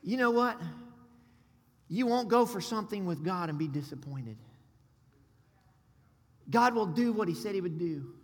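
A man preaching a sermon, excitable and storytelling, with loud shouted peaks. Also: sits high, a little slow, long pauses. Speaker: pastor. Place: church sanctuary. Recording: long hall reverb.

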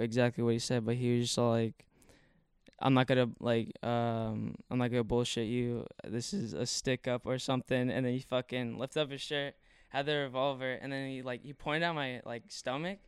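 A man's voice: medium pitch, clean tone, dry recording, studio quality. A young man casually telling a story in a rambling, slangy way, full of fillers. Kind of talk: casual chat.

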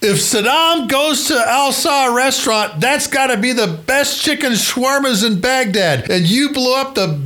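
A man voicing an exasperated air force general who shouts his complaints in a high, laughing voice. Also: expressive, measured pace, few pauses, exaggerated voice. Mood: mock outrage.

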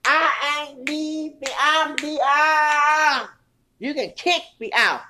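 Woman putting on a defiant daughter, loud and brash, swearing, slow emphatic delivery. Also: high-pitched, slight background noise, pitched above the performer's own voice, heavily acted. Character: defiant rebellious young woman rejecting her parents.

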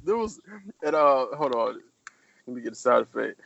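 A man's voice: medium pitch, big pitch swings, normal speed, gravelly, fairly bright tone, a little hiss or hum. A man chatting casually about an old film. He rambles, swears, and acts out scenes in different voices. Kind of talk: casual film-review chat. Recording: dull lo-fi recording.

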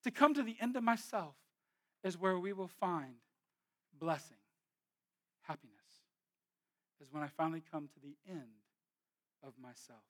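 A man preaching a sermon, swelling loud on key phrases and then dropping to soft, trailing endings. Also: on the high side, measured pace, pauses often. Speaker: pastor.

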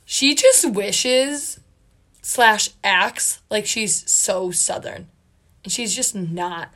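A woman's voice: mid-range voice, animated, drawn-out words, a bit bright. A young woman from Wisconsin co-hosting a podcast, chatting casually with playful, teasing, giggly banter. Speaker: podcast co-host.

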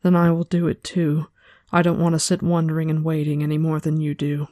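A podcaster reading a novel aloud, voicing a frightened, earnest young woman apprentice in a high, squeaky, pleading voice. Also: monotone, fairly quick, dark tone, no echo, studio quality, lightly acted. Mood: defiant.

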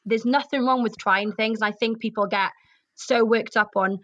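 A young Welsh actress being interviewed, talking earnestly and openly, repeating herself for emphasis. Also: female voice, fairly high pitch, moderate pace, a bit bright, no echo, lo-fi sound. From Wales. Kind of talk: candid interview.

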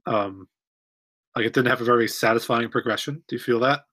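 Co-host, man, bright forceful tone, laid-back song opinions. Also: medium pitch, brisk. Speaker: podcast co-host. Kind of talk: casual music review chat.

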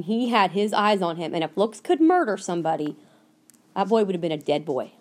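A woman with a medium-pitched, slightly mellow voice hosts a podcast. She shares a personal story casually and earnestly, performing the voices of the people she quotes.

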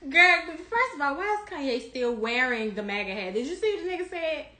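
A woman co-hosting a podcast in a loose, blunt chat, with a high, bright voice. She swears freely and reacts in an animated way. Her voice sits in a clearly echoey room. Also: a little fast. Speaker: podcast co-host. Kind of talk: casual chat.

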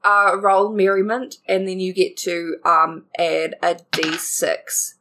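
A woman's voice: fairly low pitch, little pitch movement, slow, bright, forceful tone. Playful woman running a tabletop game. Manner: playful, breaks into character voices. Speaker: game master.

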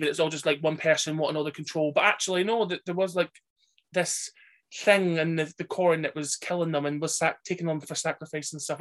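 A woman co-hosting a casual film-review chat, rambling and swearing as she acts out the characters. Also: fairly low pitch. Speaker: podcast co-host.

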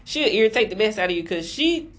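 A woman in casual chat, animated and quick to laugh. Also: medium pitch, a little hiss or hum. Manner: laughs often, animated storytelling.

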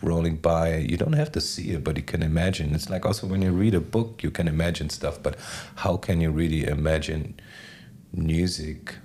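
A man talking as a guest in a casual conversation, with a deep, gravelly voice, rambling in a relaxed way with many "like" fillers. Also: normal speed.

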